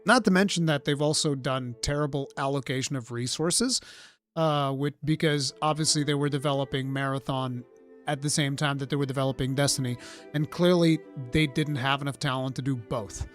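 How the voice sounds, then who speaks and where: A man's voice: medium pitch, fairly even intonation, normal speed, soft background music. A man hosting a live gaming talk show, giving blunt, rambling, profane opinions. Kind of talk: casual gaming commentary.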